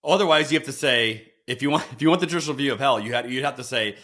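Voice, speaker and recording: A man's voice: mid-range voice, racing, few pauses. A middle-aged man co-hosting a theology podcast, talking earnestly and often quoting others in put-on voices. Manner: earnest, animated, quotes and mimics voices. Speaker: podcast co-host.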